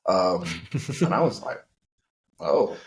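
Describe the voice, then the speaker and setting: Deep-voiced, lively storyteller man. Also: normal speed, slight background noise. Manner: animated, slangy storyteller. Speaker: podcast co-host, basketball player. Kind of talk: casual storytelling chat.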